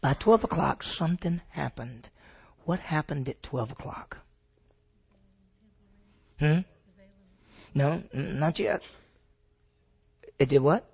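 A man's voice: a little high, lively intonation, takes it slowly, gravelly, long pauses, darkish tone, slightly rough. A man teaching the Bible to a group, asking his listeners questions and answering them himself.

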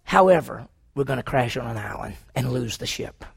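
A man's voice: mid-range voice, animated, normal speed, creaky, husky, no echo, studio quality, pitched below the performer's own voice, exaggerated voice. A man voicing the apostle Paul as a firm, sure man, warning a group within a sermon.

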